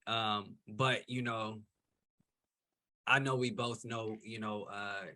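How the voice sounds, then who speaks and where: A man's voice: on the low side, takes it slowly. Chatty male podcast host. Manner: relaxed, chatty, many fillers. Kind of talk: casual interview over video call. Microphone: video call.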